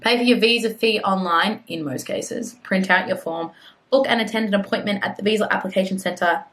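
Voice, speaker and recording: A woman's voice: mid-range voice, a little fast, fairly bright tone, rough recording. Chatty young Australian woman vlogging. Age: young adult. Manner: chatty and self-mocking, easily sidetracked, mutters asides. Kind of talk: casual vlog, reading a visa website aloud.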